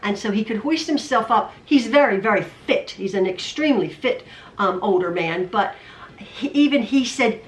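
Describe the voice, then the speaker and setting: A woman's voice: mid-range voice, animated, moderate pace, distant mic. A woman chatting casually in her home sewing room, rambling, repeating herself and stammering. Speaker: quilting vlogger. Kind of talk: casual chat. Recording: roomy, off-mic.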